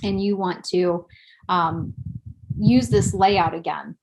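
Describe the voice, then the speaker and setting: A woman's voice: lowish voice, fairly even intonation, slow pace, creaky, background noise. A woman presenting a screen-share webinar tutorial, chatty and self-deprecating, thinking aloud as she clicks through the steps.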